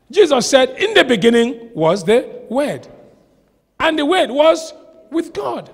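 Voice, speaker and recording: A man preaching a sermon as a pastor, shouting some lines and slowing hard on others. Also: very high-pitched, sing-song. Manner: preaching with sudden shouts and dramatic slow stretches. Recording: long hall reverb.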